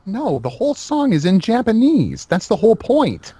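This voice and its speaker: A man's voice: sits high, wildly swooping pitch, normal speed, warm tone, a little hiss or hum. A man co-hosting a casual wrestling chat, emphatic and opinionated.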